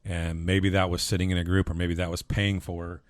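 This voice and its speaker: A man's voice: low voice, level tone, moderate pace, dry recording, studio quality. A man co-hosting a podcast who speaks in a heartfelt, earnest way and often repeats words as he restarts his sentences. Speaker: podcast co-host, husband and father. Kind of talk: casual podcast conversation.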